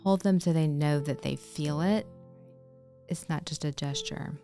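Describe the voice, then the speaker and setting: A woman co-hosting a podcast, explaining things in a calm, reassuring way during a casual conversation. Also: deep voice, a little slow, soft background music. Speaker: podcast co-host.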